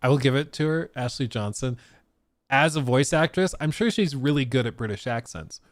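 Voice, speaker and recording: A man's voice: mid-range voice, animated, normal speed, no room sound. Male streamer host, casual and rambling, dry close sound. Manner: rambling, with many fillers and restarts. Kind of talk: casual livestream chat.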